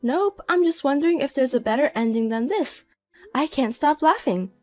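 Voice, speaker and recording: A middle-aged woman voicing a calm, proud mother who speaks in a cool, dryly mocking way, in a narrated audio drama. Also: sits high, normal speed, faint music behind.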